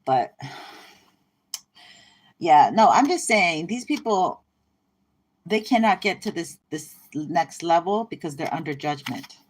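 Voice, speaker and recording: A woman reading tarot cards in a casual, rambling way. Her voice sits a bit low. She is irreverent and breaks into laughter often. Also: expressive, slow, pauses often, slight background noise. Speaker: tarot reader. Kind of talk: casual spiritual card reading.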